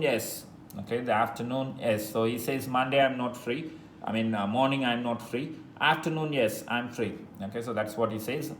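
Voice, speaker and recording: A man's voice: medium pitch, fairly bright tone. Man teaching French in an echoey room. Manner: explains patiently, repeats phrases slowly, spells words letter by letter. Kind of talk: French lesson explained in English. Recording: echoey room with faint noise.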